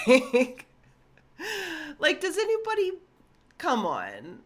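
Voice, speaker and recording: A woman's voice: high-pitched, wildly swooping pitch, drawn-out words, long pauses. A woman in her thirties from the United States giving casual reaction commentary, wry and laughing often. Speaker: video reactor.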